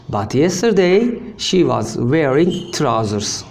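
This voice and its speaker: Slow, gravelly male English teacher. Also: a little high, sing-song, darkish tone, slight background noise. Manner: slow, repeats example sentences, frequent "okay?". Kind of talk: language lesson.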